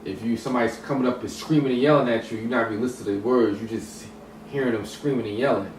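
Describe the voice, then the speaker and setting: A man's voice: mid-range voice, fairly even intonation, fast. A man in a casual hip hop discussion, talking in a rambling way with many restarts and fillers. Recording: roomy echo, distant mic, some noise.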